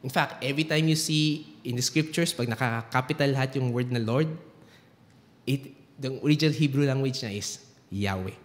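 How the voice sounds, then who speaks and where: A man's voice: medium pitch, brisk, big-room sound. A man with a Filipino accent preaching a sermon, emphatic and mixing English with Tagalog in a church. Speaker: pastor. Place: church sanctuary.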